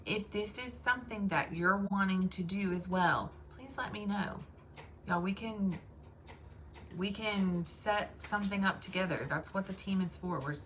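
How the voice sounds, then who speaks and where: A woman's voice: on the low side, pushed and bright, slight background noise. A woman with a Southern US accent, chatting casually to her sales team and calling them y'all. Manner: chatty, addresses listeners as y'all.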